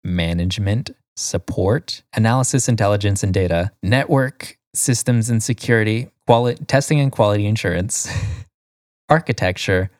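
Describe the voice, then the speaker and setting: A man's voice: on the low side, normal speed, few pauses, a little mellow, dry recording, studio quality. A man co-hosting a podcast, reading quiz questions and answer lists in casual chat, laughing often. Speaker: podcast co-host.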